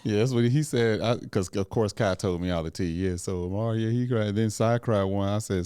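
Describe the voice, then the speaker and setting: A man co-hosting a podcast, relaxed, chiming in with short agreements and a quick story of his own. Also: fairly low pitch, smooth, no room sound, studio quality. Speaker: podcast co-host. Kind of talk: casual chat.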